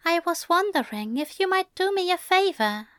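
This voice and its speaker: A woman reading a story, voicing a gentle, affectionate male angel who coaxes softly. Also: very high voice, animated, normal speed, no echo, clean studio sound, pitched above the performer's own voice. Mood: tender. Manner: soft, crooning, coaxing.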